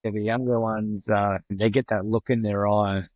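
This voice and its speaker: A man's voice: fairly low pitch, steady tone, moderate pace, a little mellow, no echo, rough recording. Easygoing Australian man, podcast guest. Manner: easygoing, laughs often. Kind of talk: casual conversational interview.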